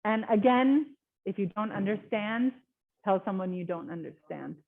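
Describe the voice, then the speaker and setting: A woman speaking casually as a guest speaker in an online webinar, chatty and quick to laugh. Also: medium pitch, creaky. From Canada. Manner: chatty, laughs often, lots of fillers. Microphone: video call. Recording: tinny phone-like call audio.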